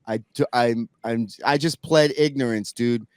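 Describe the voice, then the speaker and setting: A man's voice: mid-range voice, measured pace, a little mellow, smooth, dry recording. Rambling male storyteller, dry sound. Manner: rambling, many restarts and fillers. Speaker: guest musician. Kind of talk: casual storytelling.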